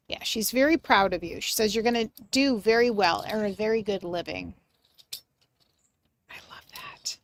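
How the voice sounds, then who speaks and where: A woman giving a live mediumship reading on a livestream, speaking gently and affectionately, sometimes dropping soft and sometimes breaking into excited bursts. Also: medium pitch, creaky. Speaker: psychic medium.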